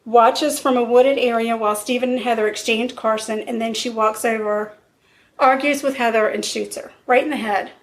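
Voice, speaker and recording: At a normal speed and a fairly high pitch, this woman co-hosts a podcast and relates a true-crime tale in a casual manner. Quoted dialogue gets acted out in her lively retelling.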